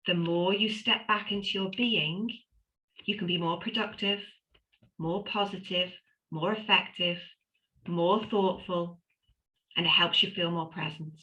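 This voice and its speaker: A woman's voice: fairly low pitch, steady tone, measured pace, pauses often, pushed and bright, highs cut off. A middle-aged woman, presenting an online wellbeing workshop with upbeat, emphatic lists and repeated phrases. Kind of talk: live online workshop talk.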